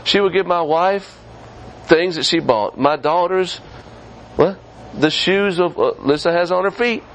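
A man preaching a sermon as pastor of a church, swinging from quick high rises down to low, slow stretches. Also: a little hiss or hum, low-quality recording. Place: church sanctuary.

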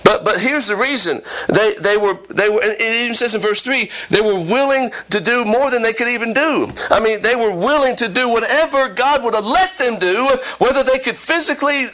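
A man preaching an animated, emphatic sermon in a church, repeating phrases and acting out quotes. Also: extremely high pitch, a little fast, few pauses, poor audio. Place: church before a responding congregation.

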